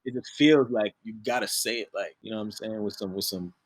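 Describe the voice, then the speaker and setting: A man, a music producer, talking in a relaxed, slangy way as an interview guest, laughing often. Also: on the low side, fairly quick. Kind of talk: casual interview chat.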